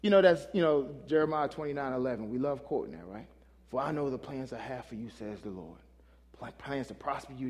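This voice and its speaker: A man's voice: on the high side, a little mellow. A male pastor preaching a sermon in a loose, conversational way, often calling out questions to the congregation. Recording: long hall reverb.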